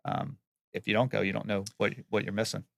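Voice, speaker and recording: A man with a heavily gravelly, somewhat low voice speaks earnestly about his home building work. He talks plainly in casual interview answers and often restarts his words. The sound is dry and close. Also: level tone, fairly quick, a bit bright, no echo.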